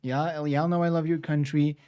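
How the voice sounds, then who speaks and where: A man's voice: fairly high pitch, flat delivery, moderate pace, warm tone, clean tone. A man from Mexico, talking English in a loose, rambling way full of filler words and slang as he hosts a reaction video. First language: Spanish. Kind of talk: casual reaction commentary.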